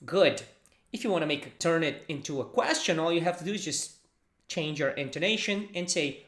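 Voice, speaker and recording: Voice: mid-range voice, animated, normal speed, fairly bright tone. A Portuguese teacher from Brazil with a Brazilian accent, who teaches a language lesson in English and patiently repeats phrases for the learner to echo.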